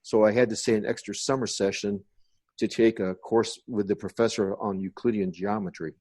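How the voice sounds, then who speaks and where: A man's voice: fairly low pitch, steady tone, moderate pace, darkish tone, slightly rough. A man in his sixties from the United States, a podcast guest telling long rambling stories about his past. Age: 60s. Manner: rambling reminiscing storyteller. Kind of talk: casual interview.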